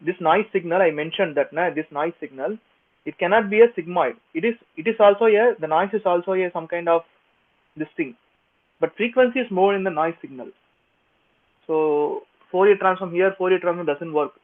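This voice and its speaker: A man giving an online engineering lecture, halting and repetitive, often checking that students follow. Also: high-pitched. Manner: halting, repetitive, checks in with "you got it, right?". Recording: tinny, phone-like lo-fi audio.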